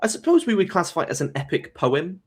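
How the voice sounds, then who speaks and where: A man hosting a live-streamed discussion, speaking in a measured, opinionated and analytical way. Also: sits high, very animated, husky. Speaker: host.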